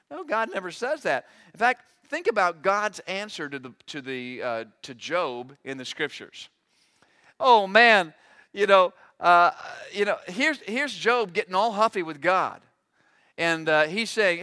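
A middle-aged male pastor preaching a sermon in an animated way, acting out the voices he quotes. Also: high voice, moderate pace.

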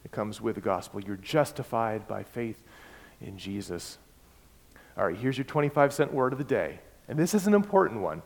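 A man preaching a sermon, emphatic and repeating key words, swinging between loud and soft. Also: fairly low pitch, lively intonation, moderate pace, creaky. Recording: long hall reverb.

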